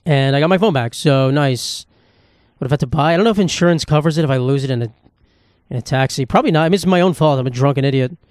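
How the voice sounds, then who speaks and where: A man's voice: mid-range voice, fast talker, darkish tone, dry recording, clean studio sound. A man hosting a podcast alone, telling stories in a rambling, swearing, self-mocking way, recorded on a phone. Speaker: podcast host. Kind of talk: casual solo monologue.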